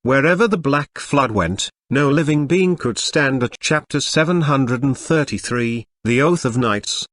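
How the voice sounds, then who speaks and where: A man's synthetic voice reading a web novel as scripted audiobook narration, steady and even in delivery. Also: medium pitch, unhurried, no room sound, studio quality.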